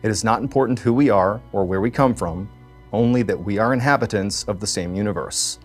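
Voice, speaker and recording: A man's voice: fairly low pitch, a little fast, faint music behind, natural voice. A man voicing an alien that speaks through a young pilot, in a formal, declaring manner. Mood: solemn.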